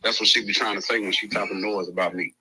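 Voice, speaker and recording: Rambling man, bright voice. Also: on the low side, steady tone, fast talker, low-quality recording. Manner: rambling, filler-heavy, uses "you know what I'm saying". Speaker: panel guest. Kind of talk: casual storytelling chat.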